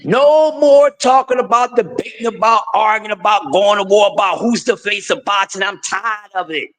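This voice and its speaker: A man hosting a morning show, teasing and ranting at boxing fans in a loud, repetitive way. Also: high-pitched, normal speed. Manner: animated, repetitive, trash-talking. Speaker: show host. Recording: long reverb.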